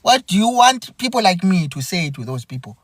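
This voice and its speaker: A man from Zimbabwe hosting a podcast, speaking an earnest, aggrieved monologue full of repeated phrases and halting restarts. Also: sits high, sing-song, fairly bright tone, no echo, clean studio sound. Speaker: podcast host. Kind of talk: impassioned spoken monologue.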